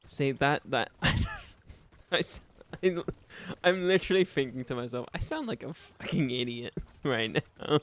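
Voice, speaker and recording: This gaming streamer is a young man whose medium-pitched voice is expressive and a little slow. While reading viewer comments in a laid-back live chat, he rambles, pokes fun at himself, laughs often, and voices both parts of made-up exchanges.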